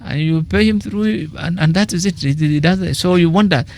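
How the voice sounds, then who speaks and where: A man with a Kenyan accent, a political economist speaking as a radio interview guest, animated and telling stories with quoted asides. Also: a little high, normal speed.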